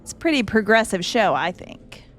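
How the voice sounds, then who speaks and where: A woman streaming a game live and chatting casually with her viewers, emotional and quick to laugh. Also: medium pitch, sing-song, faint music behind.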